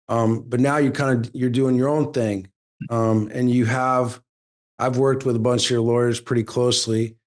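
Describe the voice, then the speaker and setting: A man's voice: mid-range voice, a little mellow. Rambling male interviewer, mid voice. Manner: asks long, rambling questions full of fillers. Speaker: interviewer, lawyer host. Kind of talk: casual interview.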